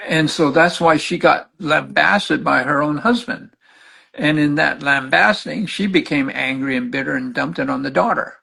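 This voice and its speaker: An older man speaks as a spiritual counselor, his voice gravelly and husky and a touch higher than most men's. He teaches in a loose, animated way, acting out what his clients said as he tells their stories. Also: rough recording. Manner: animated storytelling, acts out clients' words. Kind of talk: conversational teaching.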